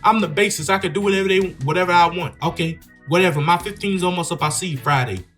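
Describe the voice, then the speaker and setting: A man's voice: sits high, quick pace, a bit bright, faint music behind. A man giving joking, slangy commentary on a horror game while reading its dialogue aloud. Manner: joking, slangy, riffing on the story. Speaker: gaming YouTuber.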